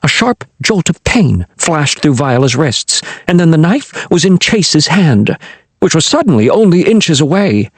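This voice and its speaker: Brief: man narrator for a kids' fantasy audiobook, husky tone, very lively pitch. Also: measured pace, no room sound. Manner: expressive storytelling. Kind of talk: scripted narration of a children's fantasy novel.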